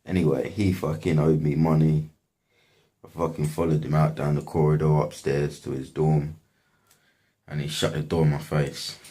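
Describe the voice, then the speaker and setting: A man's voice: extremely low pitch, level tone, normal speed, mellow. A young man casually telling a story from his life, slangy and swearing often. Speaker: vlogger.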